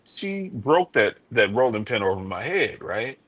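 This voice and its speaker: Male panelist, husky, dry close sound, rambling storyteller. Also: on the low side, very animated, measured pace, a bit bright, no room sound. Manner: storytelling, repeats himself. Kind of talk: casual live debate talk. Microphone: remote stream mic.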